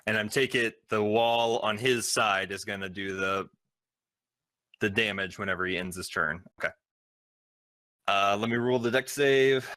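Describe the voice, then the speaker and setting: Slow, halting game master, man. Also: on the low side, sharp tone, dry recording. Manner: halting, filled with ums and uhs. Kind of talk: narrating a tabletop game.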